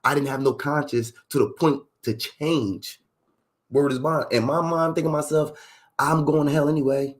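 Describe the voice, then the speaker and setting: A man's voice: on the high side, fairly even intonation, normal speed. A middle-aged man in a candid storytelling talk, emphatic and profane, full of street slang and asking "you see what I'm saying".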